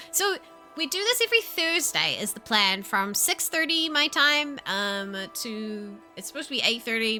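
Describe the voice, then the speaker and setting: A young woman chatting casually on a livestream, animated, laughing often and swearing. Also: mid-range voice. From New Zealand. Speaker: streamer.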